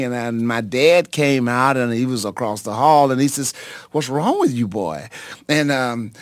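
A middle-aged man, a pastor, telling his life story in an interview in a dramatic, halting way, with many ums and sudden leaps in pitch. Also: smooth, dry recording. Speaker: pastor and singer, interview guest.

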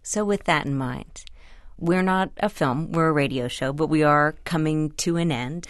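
A woman hosting a radio show, narrating a story and interviewing a guest in a measured way. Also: sits low, no room sound.

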